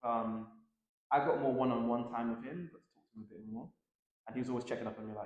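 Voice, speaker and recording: A man's voice: mid-range voice, quick pace, highs cut off. Man, 30s, tennis coach, casual interview guest, filler-heavy, very reverberant room. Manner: relaxed, filler-heavy, laughs often.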